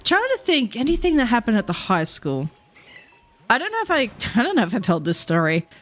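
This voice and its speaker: A woman's voice: fairly high pitch, wildly swooping pitch, fairly quick, faint music behind. A woman, telling rambling stories in a casual chat with her viewers, swearing freely and laughing often. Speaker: VTuber streamer.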